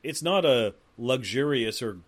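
Chatting about a movie as a podcast co-host, this man has a medium-pitched, animated voice and a slightly slow pace. His casual commentary is full of swearing and "like" fillers, and he acts out lines. There's no room sound on the recording.

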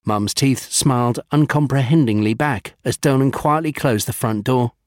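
A man's voice: medium pitch, moderate pace. Man narrating a storybook.

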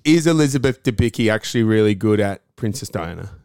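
A man's voice: fairly low pitch, animated, fast, darkish tone, smooth, no echo. Man, podcast co-host, casual chat, giggly rambling storyteller, dry close sound, handheld mic. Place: seated in a chair, at home.

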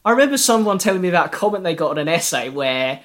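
A man's voice: fairly high pitch, very animated, very fast, fairly bright tone. A young man co-hosting a podcast, chatting casually and joking at his own expense. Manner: wry, joking, self-deprecating. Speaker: podcast co-host. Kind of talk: casual chat.

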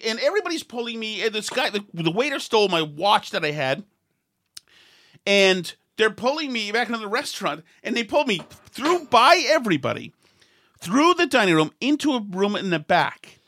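A middle-aged man spins a rambling, self-mocking anecdote, his bright voice swinging up and down in pitch as he acts out the people shouting at him. The sound is close and dry, with no room around it. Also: very animated, moderate pace, no room sound. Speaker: storyteller. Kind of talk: casual anecdote.

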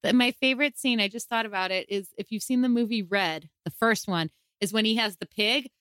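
Young female podcast co-host, eager and opinionated, bright, slightly high voice. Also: fairly quick, no room sound. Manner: enthusiastic, opinionated fan talk. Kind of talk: casual chat.

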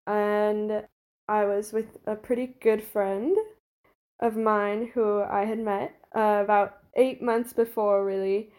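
A woman's voice: medium pitch, level tone, slow, a little mellow. A young woman in college telling a story in casual chat, rambling and giggly with lots of fillers. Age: young adult.

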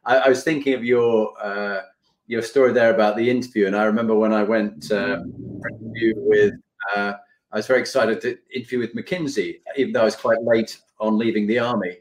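A man's voice: on the low side, fairly even intonation, fairly quick, rough recording. A man hosting an interview, chatty and telling his own stories. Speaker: host. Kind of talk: casual podcast interview.

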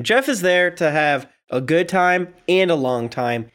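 A man's voice: fairly high pitch, expressive, a little slow, hardly any pauses, a bit bright. A man co-hosting a casual podcast, riffing playfully with giggles and swearing. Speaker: podcast co-host.

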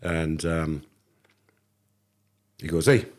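A man's voice: very deep voice, very slow. A middle-aged man from England, a podcast guest, telling a casual anecdote and acting out the dialogue. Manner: animated anecdote teller, acts out dialogue. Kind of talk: casual storytelling.

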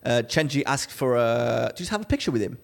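A man co-hosting a podcast, telling a story in casual chat and acting out the quotes with lively energy. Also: mid-range voice, brisk, gravelly. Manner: animated storyteller, acts out quotes. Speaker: podcast co-host.

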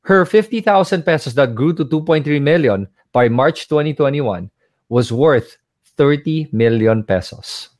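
A man with a fairly high voice talks as a guest in a casual conversation. He speaks with firm confidence and acts out the other voices in his anecdotes. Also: lively intonation, unhurried, a little mellow, no room sound, studio quality. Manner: confident, emphatic, acts out dialogue. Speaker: guest, crypto investor. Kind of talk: casual chat.

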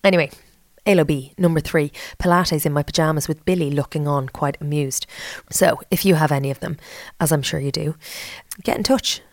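A woman with an Irish accent hosting a podcast, chatting casually with playful, quick asides. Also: sits low, dry recording. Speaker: podcast host. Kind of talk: casual chat.

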